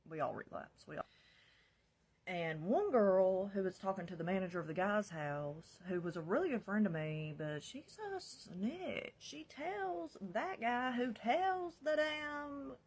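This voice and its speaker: A woman's voice: medium pitch, husky. Candid woman telling her story casually. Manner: candid, drops to a whisper when quoting herself, laughs in places. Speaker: storyteller recounting her past.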